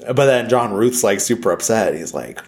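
A man's voice: lowish voice, lively intonation, moderate pace, a little hiss or hum. A man casually retelling a film's plot, rambling with lots of fillers. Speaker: film plot recapper.

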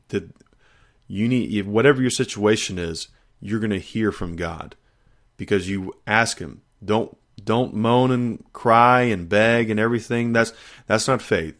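Guy, middle-aged, kinda low voice, telling a god story all lively and laughing. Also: slow, long pauses. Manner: animated storytelling, laughing often. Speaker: podcast host. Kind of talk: faith testimony podcast.

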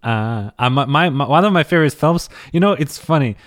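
A man's voice: a little high, lively intonation, dry recording, clean studio sound. A man from Russia hosting a podcast, speaking English, friendly and chuckling as he asks questions. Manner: friendly, chuckling, with quick fillers. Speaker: podcast host. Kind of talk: casual interview.

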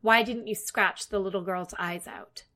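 A woman's voice: fairly even intonation, normal speed, sharp tone. Woman doing a shrieking old witch. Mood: furious. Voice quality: high-pitched, croaking. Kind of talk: storybook reading.

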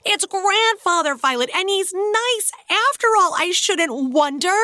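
A woman voicing an excited little boy in a storybook reading, eager and loud. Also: a little slow, no echo, exaggerated voice. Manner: loud, eager, high-pitched.

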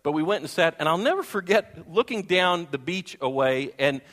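A male pastor delivers a storytelling sermon with lively energy, slipping into the voices of the people in his story. His voice sits a little higher than most men's. The sound rings out with a long hall reverb. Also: normal speed. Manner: animated, acts out voices and sings. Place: church hall.

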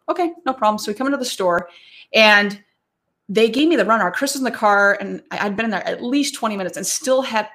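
A woman's voice: medium pitch, a bit bright. A woman, around her thirties, telling a personal story in a chatty talk, with many restarts and asides.

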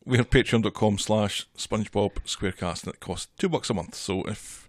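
A man co-hosting a podcast, recapping a cartoon episode in casual chat and cutting in quickly with matter-of-fact comments. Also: fairly low pitch, no echo. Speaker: podcast co-host.

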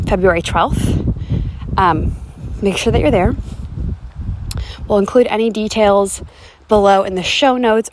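A woman business coach hosting a motivational podcast, talking emphatically outdoors in the wind, holding her microphone with her hand cupped around it. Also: medium pitch. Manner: enthusiastic, emphatic, repeats phrases for emphasis. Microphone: handheld mic with cupped hand.

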